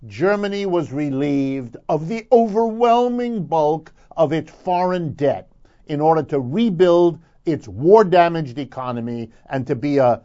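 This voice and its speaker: Male commentator with a slightly high voice, emphatic and lecturing, on muffled lo-fi audio. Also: expressive, measured pace, dark tone. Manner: emphatic, lecturing, building points through repetition. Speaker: economic commentator. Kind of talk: radio commentary segment.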